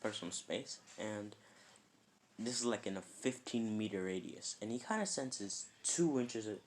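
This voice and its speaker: A man's voice: fairly low pitch, lively intonation, measured pace, slight background noise. A man casually telling a made-up fan story, rambling and filling it with "kinda" and "like".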